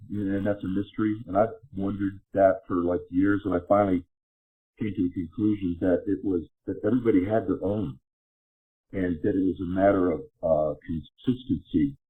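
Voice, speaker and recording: A podcast guest telling a story in casual talk that stops and restarts often. His voice is low and husky. It comes through a narrow, tinny phone line. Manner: halting, with many restarts and fillers. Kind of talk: casual conversation. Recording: phone-line call audio.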